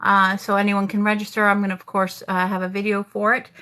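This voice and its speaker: A woman's voice: mid-range voice, level tone, quick pace, pushed and bright. A woman, a rabbi co-hosting a casual chat. She speaks earnestly and supportively with a dry, mock-solemn humour and frequent fillers. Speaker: rabbi and co-host.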